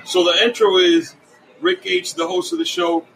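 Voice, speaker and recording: A man from Washington Heights hosting a casual interview chat, relaxed and prone to quick restarts. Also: high voice, gravelly. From Washington Heights, New York. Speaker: podcast host. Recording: distant mic with faint room noise.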